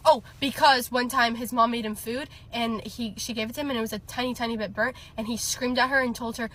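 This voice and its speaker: Young woman, chatty storytime teller, laughs a lot, brightish higher voice. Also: steady tone, fast talker, few pauses. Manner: chatty, laughing often, many fillers. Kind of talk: casual storytime.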